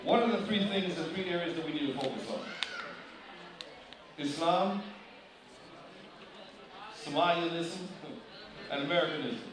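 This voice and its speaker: A man preaching a sermon, addressing the congregation directly with questions in an animated manner. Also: a little high, a little slow, long pauses, very echoey, a crowd in the background. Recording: distant mic, loud room ambience.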